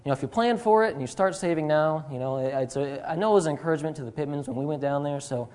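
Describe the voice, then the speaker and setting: Talking very fast, a young guest speaker delivers a sermon in a church sanctuary, his slightly high voice darkish, clear and resonant. His style is chatty and self-deprecating, thick with fillers.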